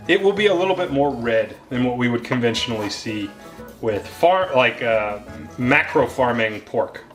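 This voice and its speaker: A man hosting a home cooking show, casually walking viewers through the steps and cracking jokes. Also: medium pitch. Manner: joking, relaxed, talks to viewers.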